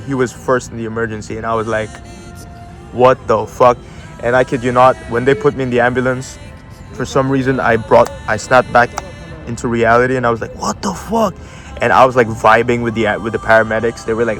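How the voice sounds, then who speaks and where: A man's voice: mid-range voice, flat delivery, quick pace, fairly bright tone, faint music behind. A young man casually telling a story, swearing a lot and using slang, laughing as he goes. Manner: profane, slangy, laughs often while telling.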